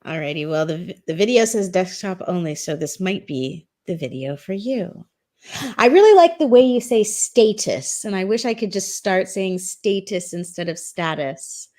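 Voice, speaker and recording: A woman's voice: medium pitch, animated, normal speed, dark tone. A woman from Louisiana chatting playfully on a live panel show, hopping from thought to thought. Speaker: panel guest. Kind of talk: casual live panel chat.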